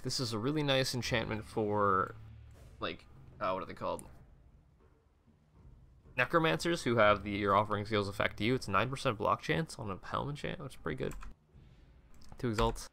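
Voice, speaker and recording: Gravelly young man, casual swearing rambler. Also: on the low side, a little fast, bright, forceful tone, soft background music. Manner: rambling, swears often, lots of restarts. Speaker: gaming video creator. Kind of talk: casual commentary over game screenshots.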